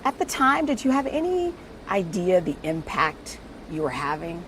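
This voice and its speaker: Brief: woman from Kansas, TV interviewer, lowish voice, chatty and eager. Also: big pitch swings, moderate pace, a bit bright, a little hiss or hum. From Kansas, USA. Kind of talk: casual interview.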